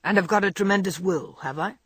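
A reader voicing a gruff old gentleman. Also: medium pitch, brisk, no room sound, studio quality. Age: older. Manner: gruff, abrupt. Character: gruff old gentleman, abrupt but kind.

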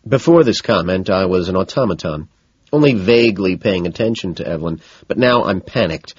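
A man's voice: low voice, expressive, brisk, breathy edge, no room sound, muffled recording. A man narrating a novel in the first person, in a dry, sardonic way that sometimes drops to a mutter. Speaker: audiobook narrator.

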